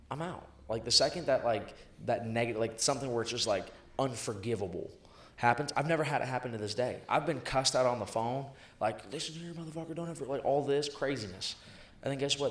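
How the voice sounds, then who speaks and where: A man's voice: mid-range voice, fairly bright tone. A man being interviewed about sales, talking in an emphatic, blunt and profane way, repeating lines for punch. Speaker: sales professional guest. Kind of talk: motivational interview talk. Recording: echoey room.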